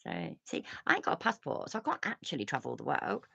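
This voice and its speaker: A woman's voice: a bass voice, huge pitch swings, fast talker, gravelly, pushed and bright, breathy edge, no room sound. A woman hosting a casual livestream chat, ranting and swearing freely. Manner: ranty, sweary, chatty. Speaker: host.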